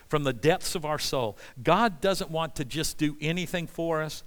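A man preaching a sermon with passion, swinging between loud pleas and hushed, quiet lines. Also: fairly high pitch, moderate pace, hardly any pauses, clear, resonant tone. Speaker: pastor. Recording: long hall reverb.

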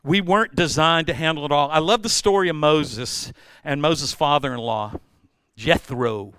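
A pastor delivers his sermon with a fairly high, sharp voice, recorded dry and close. He tells stories with playful asides and swings from loud outbursts to quiet, hushed passages. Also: normal speed, smooth, no echo. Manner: energetic storytelling, jumps between loud and hushed; playful asides and self-deprecating humor.

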